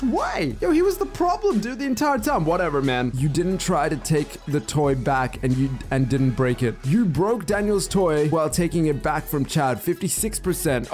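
A man doing let's play commentary, reacting out loud to a story game in excited, slangy chat. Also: medium pitch. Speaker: gaming commentator.

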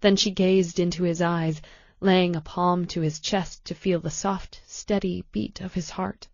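A woman narrating an audiobook in a calm, measured way. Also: fairly low pitch, dry recording, dull audio. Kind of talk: scripted narration.

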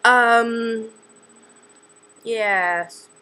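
Brief: late-teen Australian girl, slightly high voice, rambling self-mocking vlog chatter full of ums. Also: drawn-out words, pushed and bright, low-quality recording. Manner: chatty, scattered, self-deprecating, many fillers. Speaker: student vlogger.

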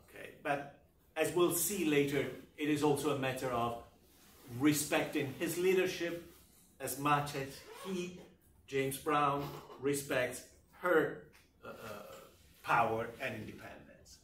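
A man giving a university literature lecture, talking in a deliberate, emphatic way and often checking in with his listeners. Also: mid-range voice, fairly bright tone, a little hiss or hum. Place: lecture room. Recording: echoey room, voice from far off.

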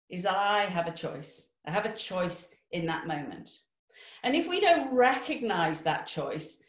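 A woman giving a motivational webinar talk, lively and direct, asking the audience questions. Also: mid-range voice, roomy sound. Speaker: webinar speaker.

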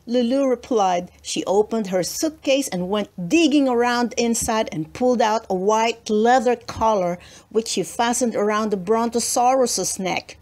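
A woman reading a children's storybook aloud in a slow, expressive storytelling manner. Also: medium pitch. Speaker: read-aloud book narrator.

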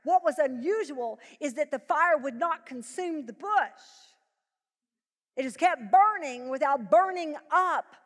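A woman Bible teacher preaching to a live audience, swinging from hushed tones to loud emphasis. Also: high voice, lively intonation, a little slow, long reverb tail. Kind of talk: sermon. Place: large live event venue.

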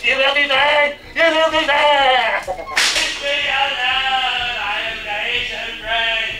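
Man voicing a creepy high-pitched clown monster, slow taunting threats, music behind; brief: menacing cackling killer clown. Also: rough recording.

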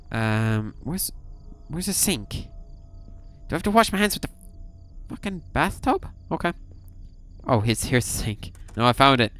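A man's voice: medium pitch, fairly bright tone. A young man playing a horror game for video, reacting with sudden swearing and reading the game's text aloud. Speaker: gaming YouTuber. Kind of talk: horror game let's play commentary.

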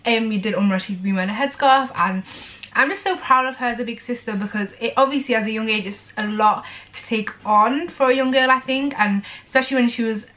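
A woman's voice: fairly high pitch, fairly quick, pushed and bright. A young woman, chatting casually and rambling to the camera in a vlog. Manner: rambling and chatty, with many fillers. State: tearful and emotional. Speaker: vlogger.

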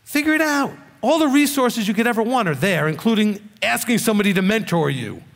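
Scolding and blunt, a male rabbi rattles off rhetorical questions in a sermon, his voice pitched high, a bit bright, fairly quick, and lively in intonation. A long hall reverb rings after each phrase.

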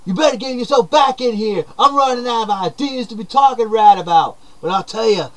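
A young man putting on a hyper, upbeat surfer-dude character with a mullet, talking to camera in an excitable, shouty comedic monologue full of slang. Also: extremely high pitch, a little fast. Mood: excited.

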